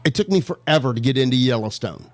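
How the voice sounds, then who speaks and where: A man's voice: mid-range voice, expressive, fast talker, faint music behind. A man hosting a radio show, chatting casually and telling stories that trail off and restart. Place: radio studio.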